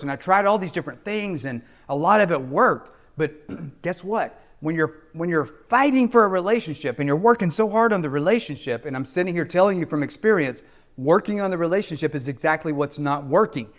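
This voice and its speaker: A middle-aged man giving relationship coaching straight to camera, in an emphatic, repetitive, preacherly manner. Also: a little high. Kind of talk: direct-to-camera advice talk.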